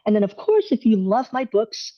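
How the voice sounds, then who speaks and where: A woman hosting a live Q and A on a video call, answering questions in a thoughtful, measured, gently encouraging way. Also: fairly high pitch, big pitch swings, dry recording, dull audio. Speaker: host answering viewer questions. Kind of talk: live Q and A coaching.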